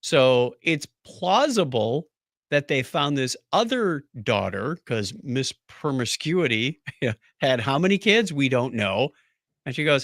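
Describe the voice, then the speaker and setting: Speaking slowly with big swings in his medium pitch, a man co-hosting a podcast meanders through a story during casual chat and laughs a lot. His tone is fairly bright, and the studio-quality recording has no room sound.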